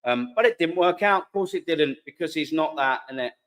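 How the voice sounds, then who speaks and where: Young british bloke ranting on his live stream, heated and sarcastic, swears loads, slightly high voice. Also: lively intonation, fairly quick, a bit bright. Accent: British English. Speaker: fan channel host. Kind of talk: live-stream rant answering comments.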